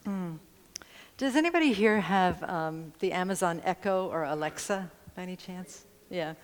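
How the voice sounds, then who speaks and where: A woman's voice: fairly low pitch, moderate pace. A woman minister giving a chatty, humorous sermon to a congregation, laughing often between lines. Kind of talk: conversational sermon. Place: spiritual center sanctuary before a congregation. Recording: long hall reverb in a large room.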